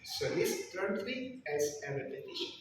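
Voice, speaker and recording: A man's voice: sits high, sing-song, moderate pace. Male teacher, strict classroom driller, captured far off in a very echoey room with faint background noise. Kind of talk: classroom grammar lesson. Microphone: camera at a distance.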